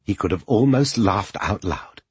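A man reading an audiobook as its narrator, in expressive, measured storytelling. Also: on the low side, slightly rough, no echo.

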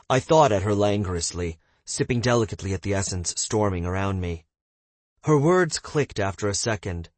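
A man narrating an audiobook in a measured, even way. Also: lowish voice, dry recording. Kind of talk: scripted narration.

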